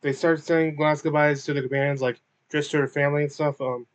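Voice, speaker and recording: A man recapping a tabletop game in a casual, halting way, often correcting himself. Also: on the high side, little pitch movement, lo-fi sound. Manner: halting, many fillers and self-corrections. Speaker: recap host.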